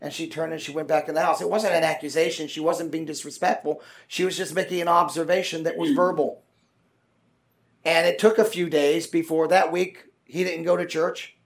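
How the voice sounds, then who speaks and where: A man preaching a conversational sermon as a pastor. He talks haltingly with many fillers and restarts, and builds to louder, emphatic points. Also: a little high, flat delivery.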